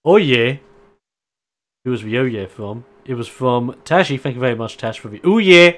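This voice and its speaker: A man's voice: medium pitch, animated, normal speed. A man running a tabletop role-playing game as game master, narrating the action casually and laughing often.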